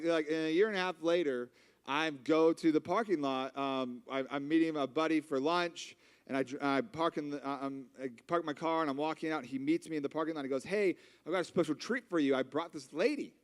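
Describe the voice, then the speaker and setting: Guy in his 30s preaching, joking story about himself, kinda high voice, big echoey church hall. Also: a little fast, clear, resonant tone. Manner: humorous, self-mocking storyteller. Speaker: conference speaker. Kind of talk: storytelling sermon. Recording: long reverb of a large hall.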